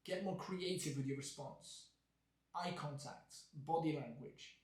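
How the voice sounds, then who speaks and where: A man teaching an English lesson, explaining clearly and acting out examples with exaggerated intonation. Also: fairly high pitch, measured pace, darkish tone. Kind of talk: video lesson. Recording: echoey room.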